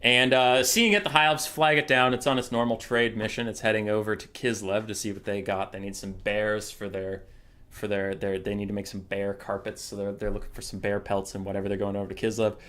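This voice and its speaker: A man's voice: lowish voice, flat delivery, brisk, sharp tone. A man streaming a strategy game, telling a rambling, sweary comic story as he plays.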